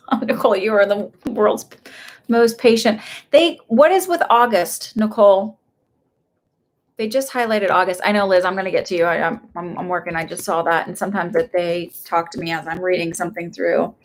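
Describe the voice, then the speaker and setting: A woman's voice: mid-range voice, moderate pace. A young woman giving live psychic readings in a chatty, hesitant way, full of fillers and restarts. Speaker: psychic medium host. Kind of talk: casual live-stream reading.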